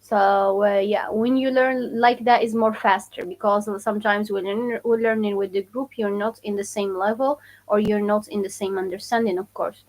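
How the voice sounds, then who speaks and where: A woman with a Moroccan accent is teaching a live online lesson. She talks at a mid pitch, slowly and patiently. She reads out viewer comments and repeats each phrase. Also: steady tone, poor audio. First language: Moroccan Arabic. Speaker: language teacher.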